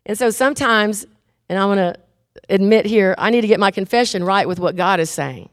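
A woman preaching a sermon and leading a closing prayer, lively and laughing at times, turning earnest and quiet when she tells a story. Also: medium pitch, brisk, no echo, studio quality.

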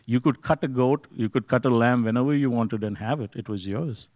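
Speaking briskly in a mid-range voice, this man preaches a chatty, joking sermon that alternates between excited, loud outbursts and soft, hushed passages. There's no echo.

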